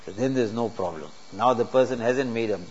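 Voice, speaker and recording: A man's voice: medium pitch, a little fast, a little mellow, breathy edge. A man preaching a sermon in a mosque, earnest and teaching through rhetorical questions. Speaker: Islamic preacher. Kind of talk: sermon to a congregation. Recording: dull lo-fi recording with faint hiss.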